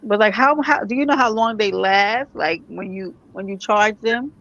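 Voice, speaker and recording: A woman from New York chatting casually as a vlogger, animated, with quick asides and laughs. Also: medium pitch, dull audio. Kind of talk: casual chat.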